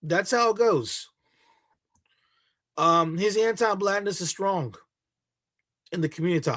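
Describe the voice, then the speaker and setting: A man's voice: high voice, measured pace, a bit bright. A man hosting a reaction channel, delivering heated, mocking commentary with lots of repetition.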